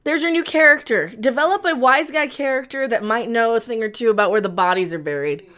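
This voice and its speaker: A woman's voice: a little high, fairly quick, a bit bright. A woman co-hosting a casual livestream, giggly and scattered, thinking aloud. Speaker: livestream co-host.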